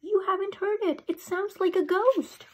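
A woman voicing an anxious, insistent young girl who pleads in a high, excited voice. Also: normal speed.

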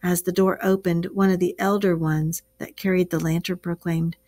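Woman teacher, expressive storybook read-aloud for a class. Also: on the low side, normal speed.

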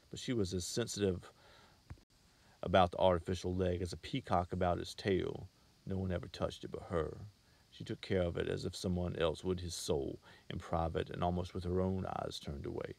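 A man reading a short story aloud as an audiobook, in a measured, steady manner. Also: deep voice, gravelly, breathy edge. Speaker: narrator.

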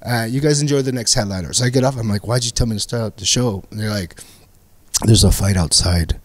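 Middle-aged male comic from Canada, animated storyteller, dry close mic. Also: on the low side, brisk, no echo. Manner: animated anecdotes with acted-out quotes. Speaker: guest comedian. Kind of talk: casual podcast storytelling.

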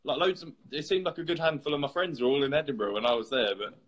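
A man's voice: fairly high pitch, fast talker, fairly bright tone, breathy edge, poor audio. A man hosting a casual live chat over a video call, easygoing and hesitant, with many fillers. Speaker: host.

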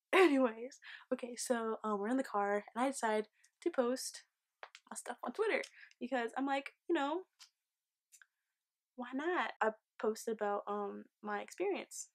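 A young woman vlogger telling an excited, rambling storytime, swearing freely. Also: mid-range voice, normal speed. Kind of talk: casual storytime vlog.

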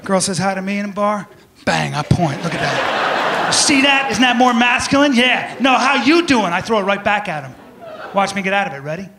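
A man doing a stand-up comedy set in a club, loud and animated, acting out his bits. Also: sits high, moderate pace. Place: comedy club before a live audience. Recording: live club recording with crowd laughter and noise. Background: audience laughing.

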